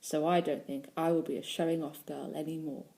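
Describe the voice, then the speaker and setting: A woman reading a storybook aloud and voicing a naughty little girl who shouts loudly to show off. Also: sits low, little pitch movement, a little fast. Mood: resolved. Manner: loud squealing shouts.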